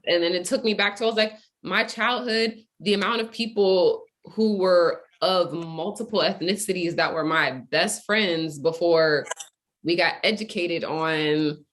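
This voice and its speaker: A young adult woman, a guest in casual conversation, telling a story in animated, quick bursts. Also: on the low side.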